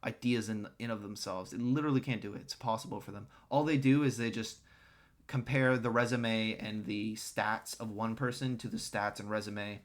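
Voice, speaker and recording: A man's voice: fairly low pitch, steady tone, moderate pace. A man ranting scornfully and profanely while reacting to video clips. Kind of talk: crude reaction commentary.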